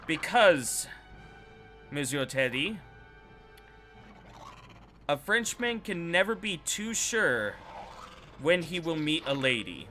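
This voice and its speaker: A man's voice: a little high, very animated, takes it slowly, long pauses, bright, forceful tone, faint music behind, heavily acted. A man voicing a fussy, weary male French nobleman with a prim, put-upon manner.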